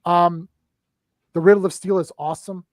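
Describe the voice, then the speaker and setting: A man with a notably high voice, recorded dry and close with almost no room sound. He chats casually on a live stream, retelling movie scenes with animated excitement. He talks in quick bursts, restarts often and keeps checking in with "right?". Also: no room sound. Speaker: movie discussion panelist.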